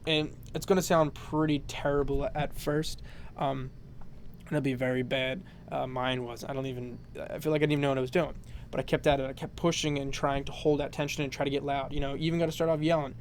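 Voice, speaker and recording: A man's voice: mid-range voice, little pitch movement, fast talker, a little hiss or hum. A man explaining a vocal technique in a casual, rambling tutorial, full of fillers and "you know".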